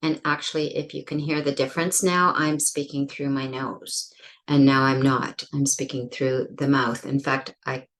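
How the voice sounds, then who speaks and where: Low-voiced woman teaching pronunciation. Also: flat delivery, a bit bright. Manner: slow, deliberate, exaggerates sounds to demonstrate them. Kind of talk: explanatory pronunciation lesson.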